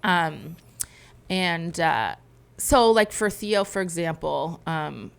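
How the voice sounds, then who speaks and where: Low-voiced emotional woman telling a story. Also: expressive, takes it slowly, gravelly, clear, resonant tone. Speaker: podcast co-host. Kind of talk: candid conversation.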